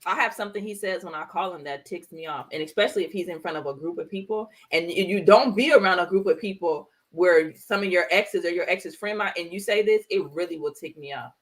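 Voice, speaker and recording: A woman co-hosting a casual chat, telling stories in a lively way and acting out the quotes. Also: fairly low pitch, fairly quick, few pauses. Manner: animated storyteller, acts out quotes loudly. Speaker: podcast co-host.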